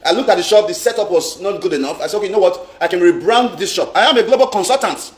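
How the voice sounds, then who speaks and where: Nigerian man, high pitch, emphatic live-stream vlogger, echoey room. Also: fast talker. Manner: emphatic, repeats phrases, mixes in pidgin. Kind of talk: casual live-stream rant. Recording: roomy echo.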